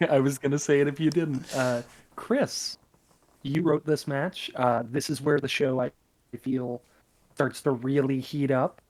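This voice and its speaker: A man hosting a podcast, joking and quick to laugh, on an odd-sounding microphone. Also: medium pitch, fairly even intonation, a little mellow. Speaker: podcast host. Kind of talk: casual podcast chat. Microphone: odd-sounding mic.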